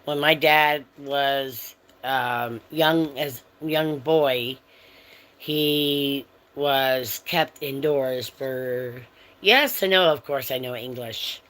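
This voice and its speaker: A woman's voice: very deep voice, drawn-out words, fairly bright tone. A woman hosting a casual livestream, chatting with viewers and answering their comments in a friendly way, turning firm with rude chatters. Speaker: livestream host.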